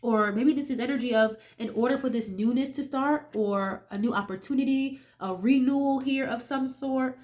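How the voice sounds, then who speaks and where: A young woman with a high-pitched, slightly mellow voice reads tarot casually at a moderate pace, leaving few pauses. Sniffly from a cold she's shaking off, she stays chatty, swears offhandedly, and keeps checking in with "okay?".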